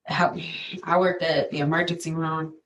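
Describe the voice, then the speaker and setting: A woman's voice: low voice, level tone, moderate pace, fairly bright tone, low-quality recording. Woman host with short supportive replies. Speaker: podcast host. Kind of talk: casual chat.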